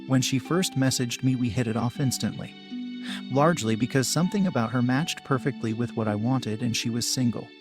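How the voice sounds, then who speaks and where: Man, scripted story narration, mid-pitched voice, even with sudden emphatic rises, guitar music underneath. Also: a little fast. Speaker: narrator reading submitted stories.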